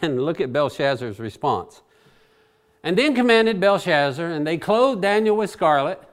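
Animated preacher man. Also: on the high side, normal speed. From Virginia. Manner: animated, chatty, swings between loud and quiet. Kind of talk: sermon.

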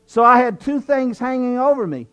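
An expressive man with a very high, slightly bright voice speaks at a moderate pace. He's a southwestern Virginia guest delivering his conversion story as an earnest, preacherly testimony, repeating phrases for emphasis.

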